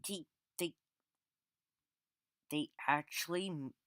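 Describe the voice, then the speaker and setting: A man's voice: fairly high pitch, normal speed, a bit bright, no room sound, studio quality. A man giving a casual spoken film review, rambling with restarts and fillers and sarcastic, exasperated asides. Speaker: movie reviewer.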